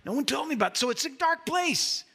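A man's voice: very high voice, animated, fast, gravelly, pushed and bright. A man pastor delivering a sermon in an emphatic, conversational way, addressing the listeners with direct questions.

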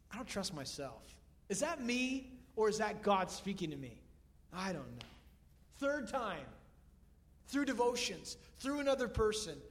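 A man preaching a sermon in a conversational, animated way, swinging between loud bursts and hushed, quiet lines. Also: high voice. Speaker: pastor.

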